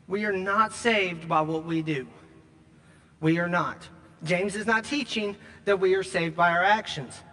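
A man preaching a sermon, emphatic, repeating key lines and slowing down to stress them. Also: high-pitched, pushed and bright, long reverb tail. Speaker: pastor.

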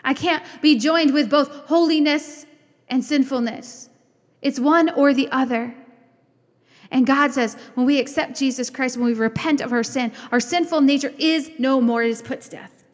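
A woman delivers an impassioned sermon in a high, bright voice. She builds through rising declarations and slows into soft, earnest prayer. A long reverb trails her words around a large hall. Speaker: preacher.

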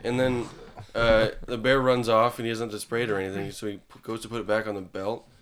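A man's voice: fairly low pitch, quick pace. A man on a casual podcast, cracking crude jokes and telling his own anecdotes. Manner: crude joking interjections, lively. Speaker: podcast co-host or guest.

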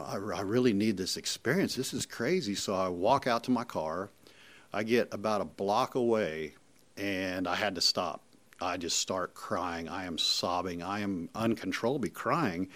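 Middle-aged man, slightly low voice, earnest heartfelt storyteller who repeats himself, rescue volunteer. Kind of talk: personal storytelling.

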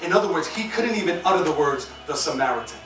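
High-voiced preacher, echoing from afar. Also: male voice, animated, fast. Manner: conversational, humorous storytelling with call-and-response. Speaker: pastor. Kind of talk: sermon. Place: church sanctuary. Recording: echoey hall from far off, with music.

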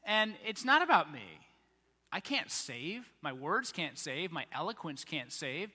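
A man's voice: on the high side, measured pace, breathy edge, long reverb tail. A man preaching a sermon, talking casually and acting out comic quotes to his congregation. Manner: conversational preaching, animated mock quotes. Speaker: pastor.

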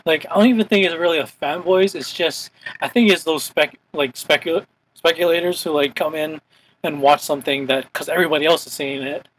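A young man from Hawaii hosts a casual chat show, his voice sitting a little high for a man. He rambles along, stacking "like" into almost every phrase. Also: fairly quick, a little hiss or hum, poor audio. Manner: rambling, heavy use of "like" as filler. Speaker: podcast host.

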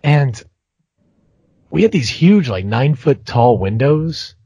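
Young man, podcast co-host, mid-pitched voice, halting with ums, self-mocking, dry close sound. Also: big pitch swings, mellow, breathy edge, no room sound, lo-fi sound. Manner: hesitant storyteller with many ums and restarts, self-mocking. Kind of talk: casual podcast chat.

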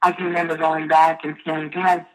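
A woman from New City, telling lively stories as a guest in an interview and acting out the voices in them. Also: on the low side, moderate pace, poor audio. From New York City. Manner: lively storyteller who acts out the voices in her stories. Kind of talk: storytelling interview.

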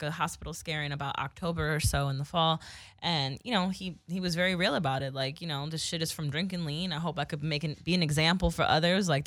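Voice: mid-range voice, fairly bright tone, dry recording. A young podcast co-host talking casually and loosely, with plenty of swearing. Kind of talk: casual chat.

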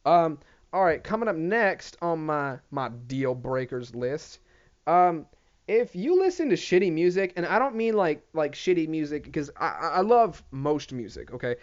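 A young man hosting a casual solo rant, full of swearing and sidetracks. He apologizes for himself as he goes. His voice sits a bit high, and the recording sounds muffled and lo-fi. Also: big pitch swings, moderate pace. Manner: profane, rambling, self-deprecating. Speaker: podcast host. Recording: dull lo-fi recording.

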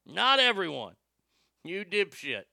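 A man's voice: high voice, very animated, slow pace, creaky, bright, forceful tone, no room sound. A man hosting a political commentary show, sarcastic and profane, mocking what he plays. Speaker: host.

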